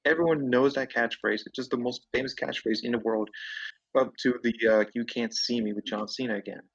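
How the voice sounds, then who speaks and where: A man pushes his side of a casual podcast debate, insistent and rambling. He sits back from the mic, and the sound is dull and muffled. His pitch sits mid-range. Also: fairly even intonation, a little fast, vocal fry, slightly rough, distant mic. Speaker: co-host debating wrestlers.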